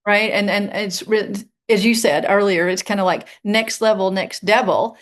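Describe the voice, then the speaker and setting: Podcast guest: woman, East Tennessee Southern accent, chatty and quick to laugh, mid-pitched. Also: fairly even intonation. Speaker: guest mindset coach. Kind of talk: casual podcast interview.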